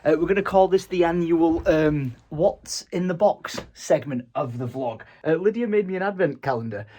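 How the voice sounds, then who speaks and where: A man's voice: fairly high pitch, normal speed, dark tone, slight background noise. A young man with a Northern English accent chatting playfully in a vlog, laughing often. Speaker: vlogger. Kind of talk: casual vlog chat.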